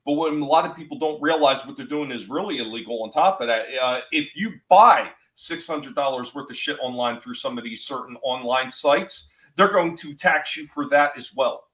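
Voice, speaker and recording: A man's voice: medium pitch, moderate pace, few pauses, a bit bright, roomy sound, low-quality recording. A man hosting a live stream, ranting with strong opinions and reading out chat comments. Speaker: stream host.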